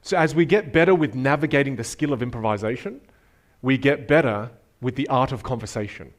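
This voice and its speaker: A man giving a motivational workshop talk to a live audience, animated and emphatic, taking questions from the crowd. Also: medium pitch, fairly quick. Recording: speech over loud background music.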